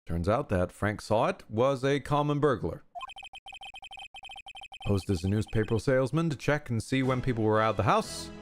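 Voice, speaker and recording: Guy on stream reading game lines all dramatic, pitch jumping around, music low behind. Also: expressive, moderate pace. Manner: theatrical, swinging between dramatic reading and joking asides. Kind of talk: reading game dialogue aloud on a livestream.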